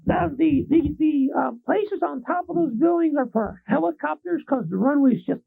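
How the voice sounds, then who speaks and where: A man's voice: very high-pitched, normal speed, creaky, dry recording. A man with a Texan accent hosting a public access talk show, rambling and profane. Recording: tinny lo-fi public access audio.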